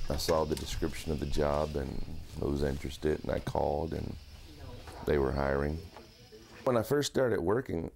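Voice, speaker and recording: A man's voice: sits low, creaky, darkish tone, a little hiss or hum. A young man from South Arkansas, talking in a laid-back, rambling, self-mocking way in a documentary interview. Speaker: interviewee, costumed sign waver.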